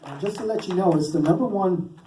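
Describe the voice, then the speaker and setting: A man doing stand-up storytelling, rambling and interrupting himself with a deadpan, teasing manner. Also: high-pitched, brisk, noisy background. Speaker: stand-up comedian and cartoonist. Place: stage in a venue. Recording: roomy, distant live stage recording.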